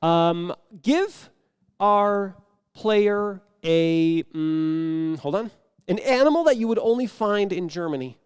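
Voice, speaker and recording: A man's voice: high-pitched, animated, slow pace, clear, resonant tone. A man telling an improvised comic story on a conference stage before an audience, acting out the dialogue and dropping into sudden whispers. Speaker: improv performer and speaker.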